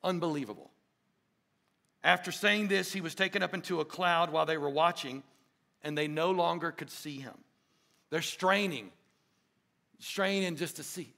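A man with a high, gravelly voice preaches a sermon, and his tone stays bright and sharp. He leads the room in call-and-response and swells to emphatic, ringing peaks. A lilt colors his words. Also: moderate pace. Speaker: pastor.

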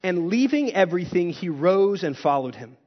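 A male pastor preaches with a high, bright-sounding voice, swinging from fervent peaks to hushed moments. His delivery is casual and conversational. The recording is muffled and lo-fi. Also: big pitch swings, moderate pace. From Texas. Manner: impassioned, conversational preaching with dramatic swings in volume. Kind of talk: sermon.

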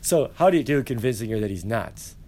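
A male teacher giving an animated, playful class lecture and asking his students questions. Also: medium pitch, brisk. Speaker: high school teacher.

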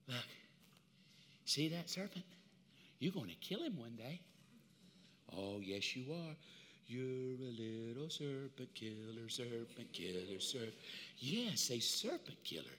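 A man voicing Eve as a doting mother who croons softly and half-whispers, heard with long hall reverb. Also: medium pitch, very animated, slow, pauses often, pitched below the performer's own voice.

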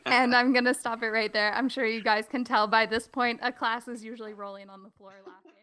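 A woman co-hosting a book podcast as a teacher, chatting casually and reading aloud with animated, goofy voices. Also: fairly high pitch, fairly quick, clear, resonant tone, dry recording. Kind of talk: casual book chat and playful read-aloud.

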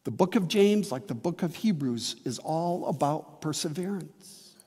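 A man preaching a sermon as a pastor, earnest and emphatic, with slow dramatic pauses. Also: a little high, animated, mellow, slightly rough, in a large hall.

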